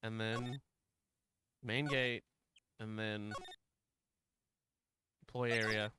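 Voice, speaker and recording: A man's voice: on the low side, steady tone, drawn-out words, noisy background. A man casually commenting while playing a game, rambling and self-deprecating, swearing at his mistakes. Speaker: streamer.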